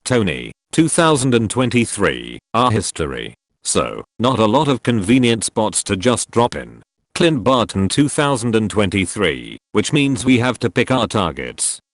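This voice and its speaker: A man reads a movie retelling aloud, naming each speaker as he goes. His voice is low, and his intonation moves a lot. The recording is dry and close. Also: big pitch swings, unhurried, dry recording. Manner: plain reading, announcing each speaker.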